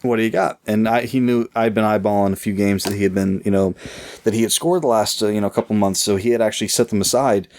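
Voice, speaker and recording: A man's voice: on the low side, steady tone, fast, a little mellow. A man co-hosting a casual podcast, wry and teasing, with many fillers and restarts. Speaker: podcast co-host.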